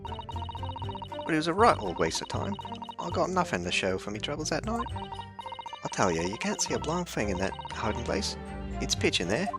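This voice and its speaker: A man's voice: medium pitch, very animated, normal speed, long pauses, pitched above the performer's own voice, close to an everyday voice. A man doing a cheeky Cockney pickpocket girl. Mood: chatty. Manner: cheeky, defensive street slang. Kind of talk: reading game dialogue aloud. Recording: game music playing underneath.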